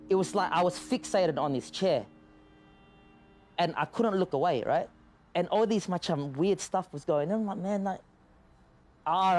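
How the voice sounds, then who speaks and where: This slightly high-voiced man spins an animated, offhand yarn, tripping into restarts again and again and cursing freely as he goes.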